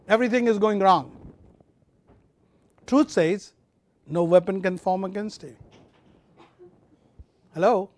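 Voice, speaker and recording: A high-voiced male preacher delivers an impassioned sermon, swinging from loud emphasis to quiet, low passages. He repeats phrases and draws out key words slowly, and the recording has no echo.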